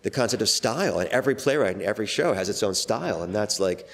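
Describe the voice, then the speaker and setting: Fast-talking middle-aged actor, rambling. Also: male voice, fairly low pitch, animated, gravelly. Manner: rambling, many fillers and restarts. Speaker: guest actor. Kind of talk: casual interview talk.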